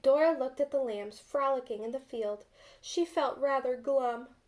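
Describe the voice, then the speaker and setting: A woman reads a picture book aloud to young children, gentle and patient, stopping to ask what they think. Her voice is high and her pace slow and deliberate. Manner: gentle, asks children questions. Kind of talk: children's storybook read-aloud.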